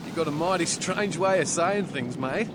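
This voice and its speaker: A rough, slangy young Australian surfer vampire, voiced by a man in a video game. He sounds worn out and fed up. His lines sit under loud background noise. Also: a little high, moderate pace, close to an everyday voice. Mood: gruff. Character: weary young male surfer turned vampire.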